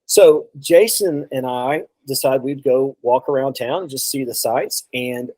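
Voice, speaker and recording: A man's voice: medium pitch, a little slow, dark tone, no echo, poor audio. A man telling a long road story in a casual chat, rambling, with many restarts and quoted asides. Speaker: guest drummer.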